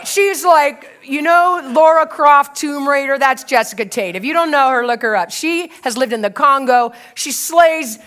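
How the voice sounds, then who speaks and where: A woman's voice: high voice, moderate pace, few pauses, a bit bright. A woman in her sixties, a pastor, telling a funny story in a sermon and acting out her own part with laughter. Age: 60s.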